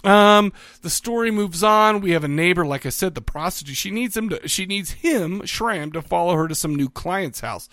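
A man's voice: high voice, expressive, normal speed, hardly any pauses, a bit bright, no room sound. A man hosting a casual movie-review podcast, telling the plot in a rambling, profane way with many fillers. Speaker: podcast host.

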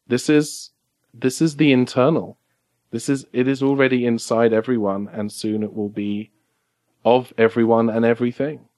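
A man voicing an imprisoned, ominous entity that speaks calmly of release. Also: medium pitch, normal speed, close to an everyday voice.

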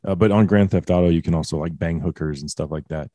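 Man, forties, very deep mellow voice, blunt opinionated ranting, dry sound. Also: quick pace, no room sound. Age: 40s. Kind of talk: casual chat.

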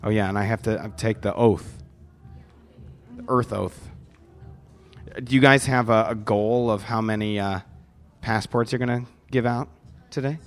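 With a lowish voice, fairly even intonation, a moderate pace, and long pauses, a visitor from Milwaukee, Wisconsin talks casually with children at an event. Speaking into a handheld mic, he's playful and goofy, stumbling over his words with restarts.

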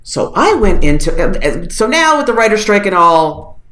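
A woman's voice: mid-range voice, very animated, normal speed, a bit bright. A woman hosting a podcast, telling a story in casual chat with sarcastic, profane flair. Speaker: podcast host. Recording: roomy echo.

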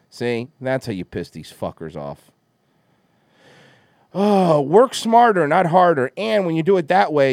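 A man's voice: on the high side, a little mellow, no room sound, clean studio sound. A man hosting a livestream, ranting casually in a profane, sarcastic and mocking way. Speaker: livestream host. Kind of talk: casual commentary rant.

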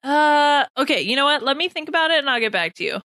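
Bright, quick-talking female co-host. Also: sits high, expressive, no echo, clean studio sound. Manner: quick, laughs easily. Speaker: podcast co-host. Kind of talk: casual chat.

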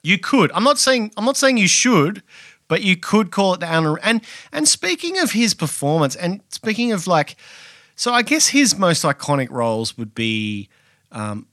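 A man's voice: sing-song, normal speed, pushed and bright, no room sound. A man in casual podcast banter who swears and laughs a lot. He drops his voice when he reads out film lines. The sound is close and dry, with no room in it. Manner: laughing, profane, reads quotes aloud in lowered voice. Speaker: podcast co-host. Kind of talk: casual film-review chat.

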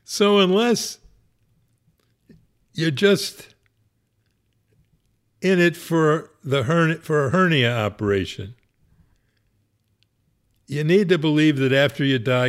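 A man's voice: fairly high pitch, slow pace, pauses often. A man who is a rabbi, wryly telling a humorous personal story in a conversational way. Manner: wry, conversational, laughs at his own story.

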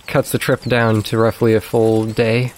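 A man narrating a tabletop game as game master, describing scenes in a calm, matter-of-fact way. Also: on the low side, measured pace, a little hiss or hum.

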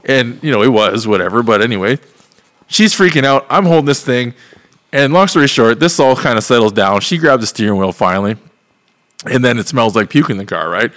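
A man's voice: mid-range voice, expressive, a little fast, a bit bright. A man co-hosting a podcast, telling a rambling, profane story with laughs in a casual chat. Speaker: podcast co-host.

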